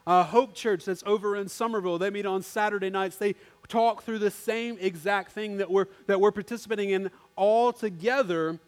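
A man's voice: sits high, fairly even intonation, normal speed, hardly any pauses, clear, resonant tone. A male pastor giving a conversational sermon, telling stories and acting out quotes. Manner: storytelling, conversational, acts out quotes.

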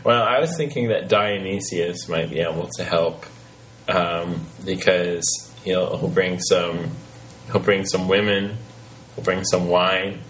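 A man's voice: sits low, steady tone, takes it slowly, a bit bright, slight background noise, poor audio. A man co-hosting an esports podcast, talking playfully and hesitantly. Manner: playful, hesitant, with restarts and laughs. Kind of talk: casual podcast chat.

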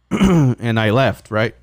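A man's voice: medium pitch, expressive, drawn-out words, darkish tone, dry recording. A man on a casual podcast, telling a long work story with lots of swearing and restarts. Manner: rambling storyteller, swears a lot, restarts often. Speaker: podcast co-host. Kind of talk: casual chat.

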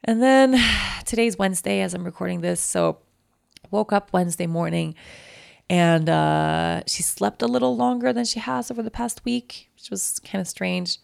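A woman's voice: mid-range voice, moderate pace, vocal fry, a little mellow, smooth, dry recording. A woman in her thirties hosting a personal podcast, talking candidly and emotionally with many fillers, close to tears. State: near tears. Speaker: podcast host.

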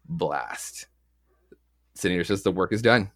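A man's voice: low-pitched, animated, unhurried, fairly bright tone, no echo, clean studio sound. A man casually recapping comic book issues with his co-hosts, rambling and swearing freely as he acts out the lines. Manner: rambling, loose, swears often, acts out quotes. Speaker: podcast co-host.

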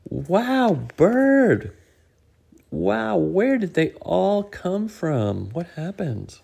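A man's voice: measured pace, creaky, breathy edge, heavily acted. A man voicing an eager, possessive young male squirrel for a storybook, raised and bouncy. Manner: excited, high and bouncy.

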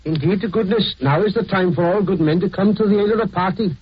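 A man's voice: sits high, fast, husky, no echo, pitched above the performer's own voice. A man doing a lilting Welsh miner. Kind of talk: 1940s radio acting. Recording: dull lo-fi 1940s radio.

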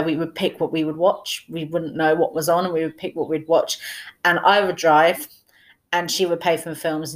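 A young woman chatting casually through a film review, enthusiastic, with many fillers and restarts. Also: on the low side.

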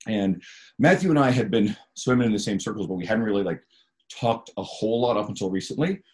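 A man's voice: lowish voice, brisk. A man hosting a podcast in casual, chatty talk with plenty of fillers. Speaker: podcast host.

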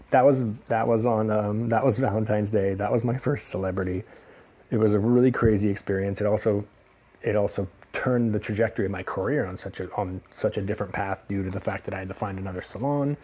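A man's voice: on the low side, a little mellow. A man from the Pacific Northwest telling a personal story casually, rambling and swearing now and then. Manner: rambling, many fillers and restarts, casual swearing. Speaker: hairstylist telling his story.

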